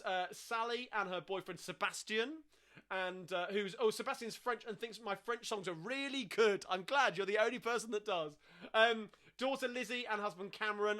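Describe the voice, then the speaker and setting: A man's voice: high-pitched, bright, forceful tone. A man hosting a live-streamed sing-along from home, chatting between songs and reading out viewer messages, with lots of fillers and restarts. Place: at home during lockdown.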